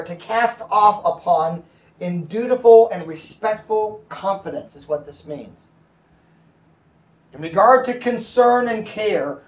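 A man's voice: high-pitched, reverberant, recorded from a distance. A man preaching as a pastor, explaining scripture in a conversational way and checking in with his listeners. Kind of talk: Bible teaching.

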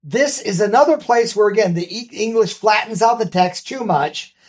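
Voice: mid-range voice, expressive, normal speed. Careful, methodical Bible study teacher. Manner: careful, explains grammar step by step; checks in with listeners often.

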